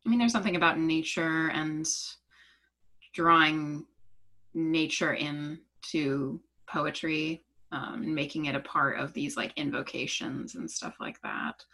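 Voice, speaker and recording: Low-pitched woman co-host, crisp bright tone, steady explainer. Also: measured pace. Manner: lecturing, steady explainer with "um" fillers. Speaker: podcast co-host. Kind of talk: explanatory casual chat.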